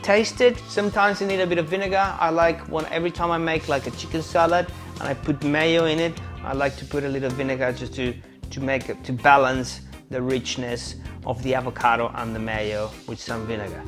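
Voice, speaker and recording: A man's voice: medium pitch, brisk, soft background music. A man from Venezuela with a Venezuelan Spanish accent and Spanish as his first language, hosting a comedic cooking show in a playful, chatty way. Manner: playful and chatty, jumps between excitement and mock apology.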